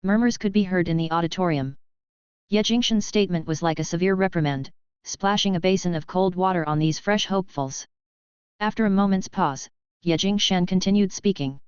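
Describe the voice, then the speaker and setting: Smooth low-voiced woman narrating a novel. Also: brisk, no echo. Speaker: audiobook narrator. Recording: slightly dull dry recording.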